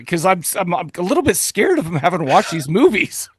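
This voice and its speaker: A man co-hosting a podcast in casual chat, slangy and quick to laugh along. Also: high voice, big pitch swings, slightly rough, no room sound, studio quality. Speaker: podcast co-host.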